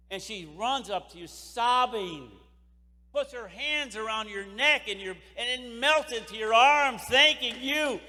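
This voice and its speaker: A man's voice: extremely high pitch, slow, pushed and bright. A man giving an impassioned motivational speech at a sales convention, driving points home by repeating phrases. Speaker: keynote speaker at a sales convention. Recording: echoey hall reverb.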